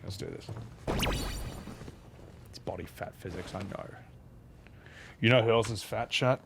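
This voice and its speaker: A man streaming a video game, swearing and ranting at the controls, then mumbling softly to chat. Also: fairly low pitch, a little slow, gravelly, very noisy. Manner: swears a lot, rants loudly at the game, then drops to soft mumbles. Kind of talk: live gameplay commentary.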